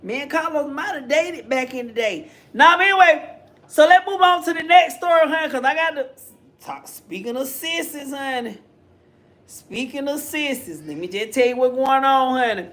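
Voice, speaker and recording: A man's voice: very high voice, animated, fairly bright tone. A man doing sassy, swearing gossip commentary on a live stream. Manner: sassy, swearing, drawn-out exclamations.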